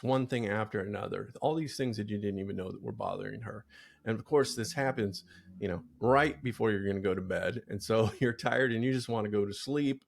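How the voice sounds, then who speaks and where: A man's voice: lowish voice, gravelly. A man hosting a podcast, telling a story with vivid imagery and acting out the quoted lines before leading a casual discussion. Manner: storytelling, builds up imagery and acts out quoted dialogue. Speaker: podcast host.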